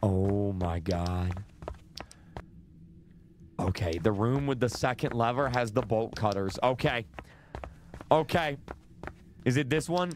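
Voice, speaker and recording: A man's voice: lowish voice, slow pace, pauses often, a little hiss or hum. A young man streaming a horror game, jittery and repeating himself, losing his voice. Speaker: gaming streamer. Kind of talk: live horror game commentary.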